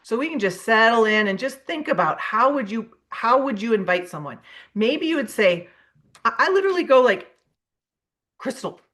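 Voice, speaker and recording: A woman's voice: on the high side, fairly quick. A woman giving a motivational keynote on sales psychology over a video call, acting out sample invitation messages. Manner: animated, acts out sample messages to prospects. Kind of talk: motivational sales training talk.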